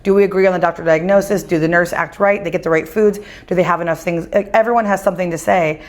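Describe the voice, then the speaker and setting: Guest woman with a lower voice, animated storyteller who acts out dialogue. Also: quick pace. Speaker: psychic medium guest. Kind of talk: casual storytelling conversation. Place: winery.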